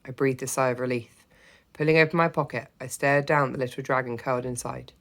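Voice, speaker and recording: A woman with an unusually deep, low voice reads a children's story aloud. Her delivery is expressive and gently humorous, in the style of a teacher reading to a class. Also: quick pace. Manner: expressive first-person narration, lively and gently humorous.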